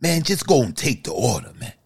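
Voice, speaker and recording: A man voicing a brash young male line cook who talks loud, slangy kitchen talk in a comedy sketch. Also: medium pitch, wildly swooping pitch, fairly quick, gravelly, breathy edge, full character voice. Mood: hustling.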